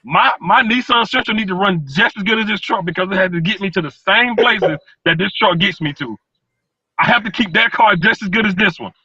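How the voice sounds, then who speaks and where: A man's voice: sits high, fairly quick, bright, forceful tone, slightly rough, no room sound. A man on a sports talk panel, speaking from his truck, blunt and profane with stumbling repeats. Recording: dull lo-fi call audio.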